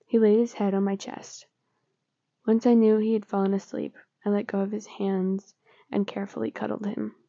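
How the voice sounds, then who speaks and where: A woman reads fan fiction aloud in a plain, unhurried way. Her voice is gravelly and dark. The recording is close, dry and lo-fi. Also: medium pitch, flat delivery, dry recording. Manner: plain, unhurried reading with small slips. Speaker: fanfiction reader.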